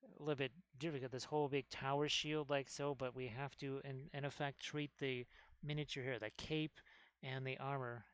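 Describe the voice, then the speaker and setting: A man's voice: mid-range voice, little pitch movement, moderate pace, fairly bright tone, smooth, no echo. A man hosting a casual miniature painting stream, rambling as he works and chatting with viewers. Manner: rambling, talks while working, chats with viewers. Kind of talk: casual painting tutorial chat.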